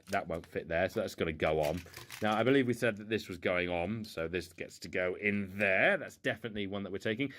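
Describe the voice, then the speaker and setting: A man's voice: on the low side, a bit bright. A man casually rambling through an unboxing of old toy cars at home, self-mocking and playful. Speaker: toy car collector unboxing. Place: indoors at home.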